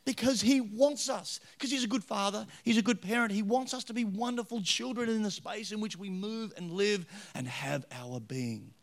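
A middle-aged man with an Australian accent preaching a story-filled sermon, swinging between loud punches and hushed asides. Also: high-pitched, normal speed, hardly any pauses. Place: church with live band. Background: faint music from a band.

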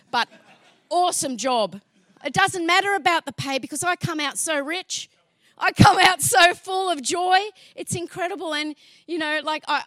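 High-voiced woman telling a lively testimony. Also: dry recording, studio quality. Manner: lively, acts out dialogue, laughs often. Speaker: speaker sharing a faith testimony. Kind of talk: animated storytelling testimony.

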